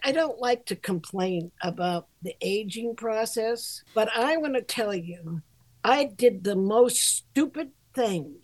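An older woman, a dog groomer and shop owner, co-hosts a grooming podcast, chatting casually, frankly, and self-deprecatingly while laughing often and swearing freely. Her fairly high, darkish voice is animated but slow, with no echo.

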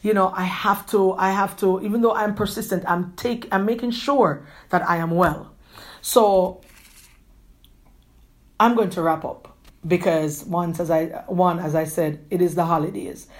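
A woman hosting a podcast, giving an earnest, rambling motivational talk, repeating herself often and talking quickly. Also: on the low side, steady tone. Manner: quick talker who gestures a lot. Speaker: podcast host.

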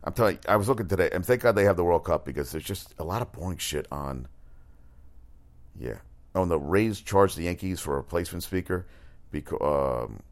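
A man hosting a casual sports talk monologue, rambling and profane, often restarting his sentences. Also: very deep voice. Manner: exasperated outbursts.

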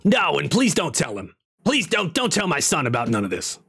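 A man doing a shrill wizard in a stone. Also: wildly swooping pitch, normal speed, creaky, a bit bright, slightly rough, heavily acted. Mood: whiny. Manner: high, whiny impression voice. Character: wizard trapped in a talking stone, loud and nasal.

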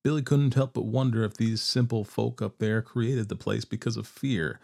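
A man narrating a story in a steady, expressive reading voice. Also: lowish voice, moderate pace, gravelly.

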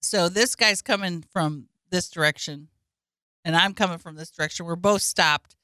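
A woman telling a story in casual podcast chat, animated and often laughing. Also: on the low side, moderate pace, clean tone, no echo, clean studio sound.

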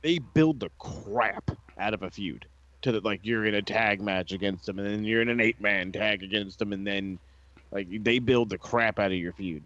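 A man's voice: lowish voice, normal speed, dry recording, highs cut off. A man co-hosting a wrestling podcast in casual chat, ranting with lots of swearing. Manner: profane, animated ranting.

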